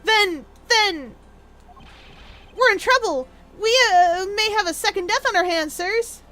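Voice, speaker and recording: A woman voicing an earnest, bumbling male detective who talks loudly and eagerly. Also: very high voice, animated, measured pace, faint music behind, voice pushed up, exaggerated voice. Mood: flustered, eager. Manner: loud, eager, flustered, calls people pal and sir.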